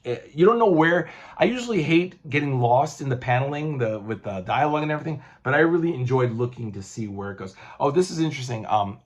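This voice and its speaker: Husky guy rambling thru a comic review, swears a lot, lots of ums and restarts. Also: mid-range voice. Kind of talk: casual vlog review.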